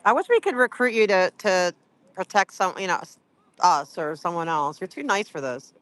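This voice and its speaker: Casual livestream host, teasing and rambly; bright, forceful voice, dry close phone sound. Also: medium pitch, expressive, normal speed, no echo. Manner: rambling, full of "like" and "you know"; teasing, chatty. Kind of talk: casual livestream chat with viewers.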